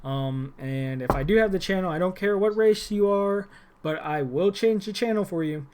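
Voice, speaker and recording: A young man with a high, slightly mellow voice rants at normal speed about a gym job he used to have, with a little hiss or hum in the recording. His casual vlog rant is rambling and irritated, with frequent restarts and fillers.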